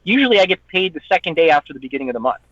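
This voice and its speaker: High-voiced man ranting in lo-fi audio. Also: sing-song, rapid-fire, dry recording. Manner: heated, profane ranting with mocking quoted voices. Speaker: guest, online content creator. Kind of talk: casual podcast chat. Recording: dull lo-fi dry audio.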